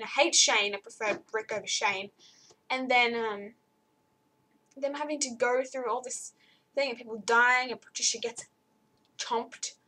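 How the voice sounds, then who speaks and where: A teenage girl chatting to camera from her bedroom, rambling and jumping high when excited. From Australia. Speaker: vlogger. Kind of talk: casual chat to camera.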